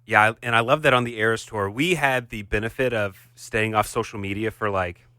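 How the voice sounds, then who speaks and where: A man's voice: fairly low pitch, steady tone, brisk, pushed and bright, no room sound, studio quality. A man co-hosting a podcast, chatting casually and gushing with enthusiasm. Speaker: podcast co-host.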